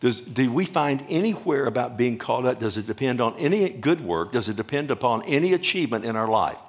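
A man's voice: mid-range voice, expressive, brisk. A man preaching a sermon as pastor, firing questions at his congregation and answering them himself, with the odd joke. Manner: jokes and laughs with the congregation.

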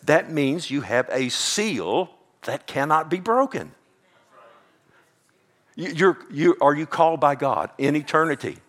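A man preaching a sermon to a congregation, emphatic and repetitive, who often asks "amen?" and swings between loud exclamations and hushed asides. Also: a little high, sing-song, measured pace, pauses often.

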